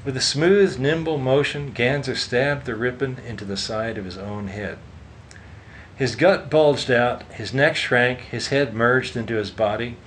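A man reading a story aloud in a steady, measured way. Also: mid-range voice, a little hiss or hum, poor audio. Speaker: narrator. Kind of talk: audiobook narration.

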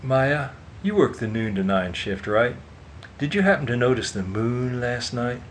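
A man voicing a smug businessman who talks in a low, clipped, dismissive way. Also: lively intonation, unhurried, slight background noise, lightly acted.

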